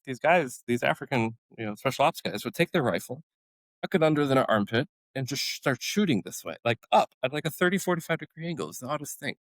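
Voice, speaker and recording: A middle-aged man tells a long war story in a casual podcast chat. He is lively and animated, jumps into the voices of the people he quotes, and his voice swings up and down. The sound is dry and close. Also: mid-range voice, no echo, low-quality recording. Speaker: podcast guest, former special forces medic.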